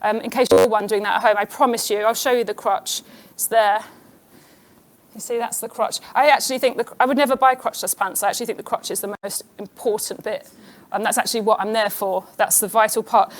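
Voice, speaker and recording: A woman's voice: mid-range voice, steady tone, a little fast. A middle-aged woman hosting an awards show with a chatty, self-deprecating stand-up routine full of ums.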